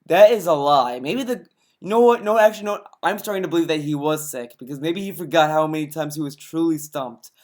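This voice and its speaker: Sarcastic male ranter, fairly high voice, swearing nonstop, exasperated reaction commentary. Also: brisk, darkish tone.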